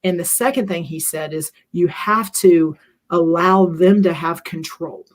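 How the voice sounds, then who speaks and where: Middle-aged co-host, mid pitch, rambling and earnest, pokes fun at themself. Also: measured pace. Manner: earnest, self-deprecating, rambling with fillers. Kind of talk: reflective conversational talk.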